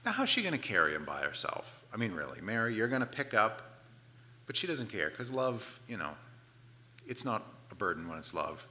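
A middle-aged man preaching a sermon, telling the story with playful asides and dropping to soft, hushed tones for tender moments. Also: lowish voice, sing-song, moderate pace. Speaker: pastor.

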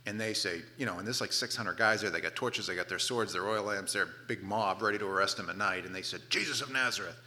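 Bright, animated male preacher. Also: low voice, quick pace, few pauses. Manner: animated storytelling with playful asides, dropping to soft tones for tender moments. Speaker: pastor. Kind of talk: sermon.

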